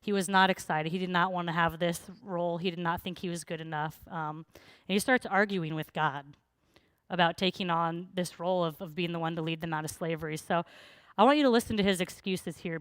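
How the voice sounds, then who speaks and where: A woman's voice: lowish voice, a bit bright, clear, resonant tone, no echo, clean studio sound. A woman pastor giving a conversational sermon with frequent fillers.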